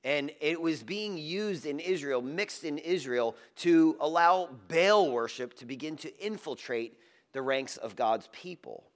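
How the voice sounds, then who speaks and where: Expressive male preacher with lively pitch. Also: measured pace. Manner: dramatic, swinging from loud emphasis to hushed tenderness. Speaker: pastor. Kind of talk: sermon.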